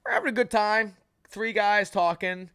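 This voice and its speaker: Animated high-voiced man telling stories. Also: normal speed, clear, resonant tone. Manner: animated storyteller, swears freely. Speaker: podcast co-host and fighter. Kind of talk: casual chat, telling a story.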